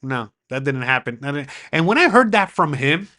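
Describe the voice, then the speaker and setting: A man's voice: fairly high pitch, very animated, brisk, few pauses, bright, forceful tone. A middle-aged man hosting his own podcast, talking straight to viewers in a heated, profane, rambling monologue. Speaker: podcast host; criminal attorney.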